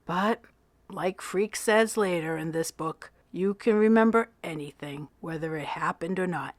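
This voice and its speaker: A woman teacher reading a novel aloud in an expressive storytelling voice, narrating in the first person. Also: lowish voice, a little slow, dry recording.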